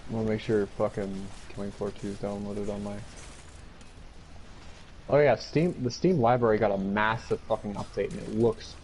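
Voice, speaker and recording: A young man chatting casually while gaming, relaxed and swearing offhandedly, into a headset mic. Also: on the low side, normal speed, slight background noise, low-quality recording. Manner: laid-back, profane. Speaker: gamer.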